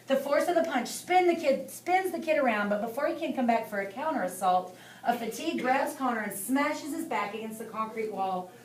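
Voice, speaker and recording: A woman's voice: fairly high pitch, animated, a little fast. Woman narrating with an echoey sound. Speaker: audiobook narrator. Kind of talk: scripted narration. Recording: echoey room, distant mic, faint hiss.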